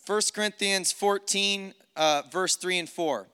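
Male pastor, high voice, bright and crisp tone, sermon, emphatic, frequent "right?" checks. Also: a little slow.

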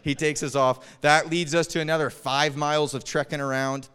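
A man preaching, telling a personal story with animated energy and frequent chuckles. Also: a little high, normal speed, clear, resonant tone. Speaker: pastor. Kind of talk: storytelling sermon. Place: church hall. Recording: reverberant hall.

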